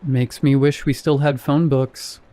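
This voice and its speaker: A curious adult sister in a storybook horror tale, as read by a man in his own mellow voice. She asks plain, practical questions. Her tone is unhurried and warm. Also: medium pitch, little pitch movement, lightly acted.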